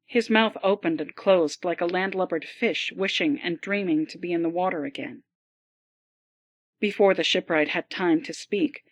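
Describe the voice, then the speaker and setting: Slow, low-voiced woman narrating a book. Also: no room sound. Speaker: audiobook narrator. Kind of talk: scripted narration.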